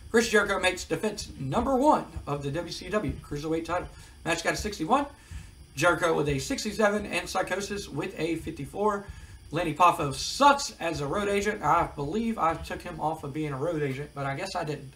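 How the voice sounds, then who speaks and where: A man's voice: high-pitched, normal speed, fairly bright tone, rough recording. A man casually recapping a wrestling management game, reading out match scores with wry asides. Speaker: game commentator. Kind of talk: casual play-by-play of a wrestling sim.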